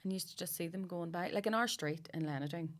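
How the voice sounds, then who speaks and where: A woman's voice: on the low side, fast talker. A woman with a Northern Irish accent telling stories in casual podcast chat, swearing freely and laughing often.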